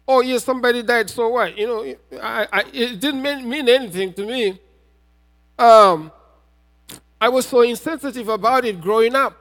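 High-voiced preacher in a reverberant hall. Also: male voice. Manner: testimony told with rising intensity, often shouting. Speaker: pastor. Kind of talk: sermon.

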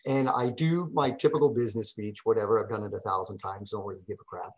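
A middle-aged man, a podcast guest and public speaker, telling stories in a casual interview with an animated, emphatic manner, often asking "right?". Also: on the low side, quick pace, rough recording.

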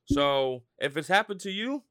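A man hosting a podcast, ranting about sports in a loud, profane, rambling way. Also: fairly high pitch, animated, moderate pace, dry recording, clean studio sound. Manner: loud, swearing, rambling and fired-up. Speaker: podcast host.

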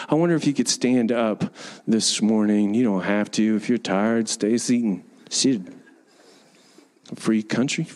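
A pastor preaching a sermon in a church and leading the congregation in call-and-response, building to fervent declarations. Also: male voice, lowish voice, a little slow, darkish tone, big-room sound. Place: church hall with balconies.

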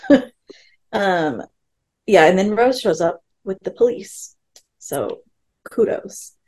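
A podcast co-host with a mid-range, sing-song voice and a darkish tone speaks slowly. She chats through a TV episode recap, playing out the quoted lines and laughing often.

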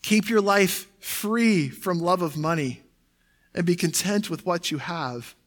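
A man's voice: sits high, slow. Conversational man preaching a sermon. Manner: conversational, with frequent "like" and "right?". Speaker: pastor.

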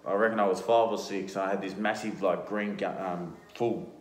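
A man in his thirties with an Australian accent, a cricket club player relaxed in a casual interview, often laughing through his stories. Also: low-pitched, moderate pace, echoey room. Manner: laid-back storyteller, laughs often.

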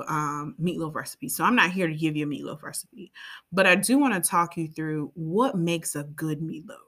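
A woman's voice: lowish voice, a bit bright. A woman co-hosting a podcast in a casual, chatty way, rambling into side tangents and playful asides. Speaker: podcast co-host. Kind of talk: casual chat.

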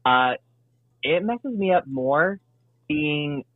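A man's voice: a little high, animated, very slow, no room sound. Easygoing young man over a phone line. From Indianapolis, USA. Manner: easygoing, meandering. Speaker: comedian guest. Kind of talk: casual interview chat. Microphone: phone call. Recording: dry tinny phone line.

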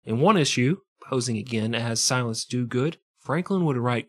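A man hosting a relaxed history podcast, with a voice of middling pitch. He mixes his reading with jokes and laughs a lot. The talk is loose and playful, not polished. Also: moderate pace, hardly any pauses. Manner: jokey, laughs often, slips into silly accents. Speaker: podcast co-host. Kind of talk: casual comedic history podcast narration.

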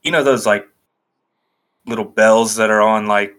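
A man's voice: lowish voice, steady tone, measured pace, fairly bright tone, smooth. A man co-hosting a podcast, chatting casually, laughing often and swearing freely. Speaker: podcast co-host. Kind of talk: casual chat.

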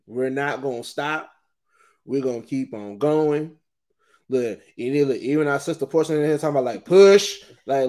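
A middle-aged man hosting a podcast and talking through a rambling, animated, casual monologue, often laughing. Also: medium pitch. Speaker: podcast host.

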